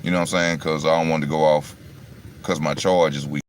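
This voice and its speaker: Talking into his phone while it charges, a male vlogger rambles through a story for his viewers, repeatedly checking "you know what I'm saying." He has a rumbling low voice with little pitch movement and talks a little fast over heavy background noise.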